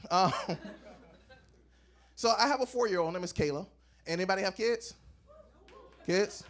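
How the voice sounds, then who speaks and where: A man in his thirties doing a stand-up comedy set on a club stage, animated and acting out bits with big swings in pitch. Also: moderate pace.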